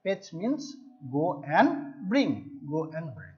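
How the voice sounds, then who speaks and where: High-voiced man teaching a story lesson. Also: huge pitch swings, slow pace. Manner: repeats and restates words to explain them; addresses listeners as dear children. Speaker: English teacher. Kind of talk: classroom story explanation. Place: home or classroom video lesson. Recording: dull lo-fi recording.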